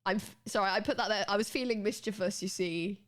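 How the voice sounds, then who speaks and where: A woman's voice: mid-range voice, fast. A British woman streaming live, chatting casually and laughing often as she teaches a spelling lesson to her viewers.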